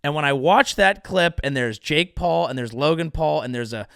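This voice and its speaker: Profane, rambling comedian with a higher voice. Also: male voice, moderate pace, fairly bright tone, clean tone, dry recording, studio quality. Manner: profane, rambling, sarcastic, slips into silly voices. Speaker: podcast host and comedian. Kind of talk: comedic monologue.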